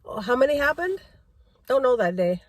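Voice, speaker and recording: A woman's voice: sits high, very animated, normal speed, no echo. A middle-aged woman vlogger in a car, giving a rambling driving-safety rant and repeating herself for emphasis.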